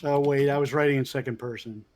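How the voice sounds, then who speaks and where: A man's voice: mid-range voice, fairly even intonation, fast, background noise. An older man co-hosting a stream, chatting casually while playing a text game, laughing often and restarting his sentences. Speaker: writer and stream co-host.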